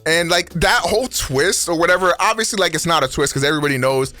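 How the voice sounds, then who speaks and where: A man's voice: on the high side, quick pace, pushed and bright, soft background music. A young man with a profane, slangy, rambling delivery, doing a comedic rant about video games on a studio microphone. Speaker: gaming YouTuber. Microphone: studio dynamic microphone.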